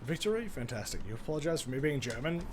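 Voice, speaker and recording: Speaking quickly in a mid-range voice with background noise behind him, this young Australian man games on a live stream. He jokes around, curses without hesitation, and keeps up a lively, casual chat with his viewers.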